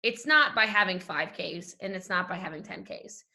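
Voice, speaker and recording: A woman with a Southern US accent giving an animated, gushing motivational talk on a video call from her home desk. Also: on the low side, normal speed, creaky. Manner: animated, gushing, talks straight to listeners. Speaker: team leadership speaker.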